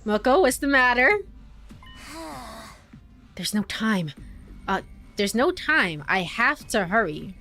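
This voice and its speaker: A woman reading the lines of a worried young male student who asks hurried, earnest questions. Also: fairly high pitch, expressive, sharp tone, soft background music, full character voice. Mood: urgent.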